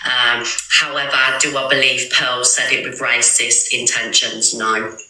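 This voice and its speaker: Bright, hesitant man in an echoey room. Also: medium pitch, little pitch movement. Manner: measured, hesitant, lots of "uh". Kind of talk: live-stream discussion.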